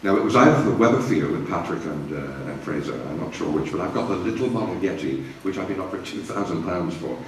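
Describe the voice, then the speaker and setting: A man cracks self-mocking jokes at a fan convention, his voice rising and falling in lively swings. He sounds far from the mic, swallowed by the long echo of a big hotel hall, with the audience clearly heard around him. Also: sits low, fast, hardly any pauses, slight background noise. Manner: jokey, self-mocking, laughs at own jokes. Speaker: convention guest actor. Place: large event hall in a hotel.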